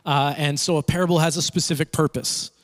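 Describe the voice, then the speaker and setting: A man with a fairly high voice delivers a sermon, building his points through repeated phrases. His voice carries a long reverb from a church hall. He moves between urgent emphasis and quieter prayer. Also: fairly even intonation, a little fast. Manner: emphatic preaching with repeated phrases and rising intensity. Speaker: pastor.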